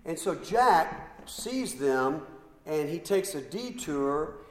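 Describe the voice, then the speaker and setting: A middle-aged man preaching a sermon, telling a story slowly with many repeated "and"s and pauses. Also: a little high, sing-song. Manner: slow, halting storyteller with repeated ands and pauses. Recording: roomy hall with long reverb.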